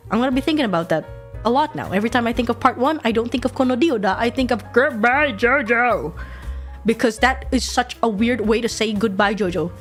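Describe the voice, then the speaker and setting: A young woman streaming, chatting casually and excitedly, laughing often and swearing freely. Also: a little high. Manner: giggly, excitable, swears casually, repeats quotes.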